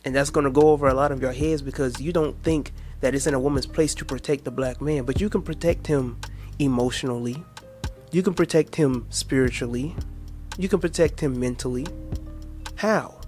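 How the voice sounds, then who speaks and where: A man's voice: medium pitch, moderate pace, darkish tone, soft background music. Preachy man lecturing with scripture. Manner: lecturing, quotes scripture, crude asides. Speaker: reaction video host. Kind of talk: preachy reaction commentary.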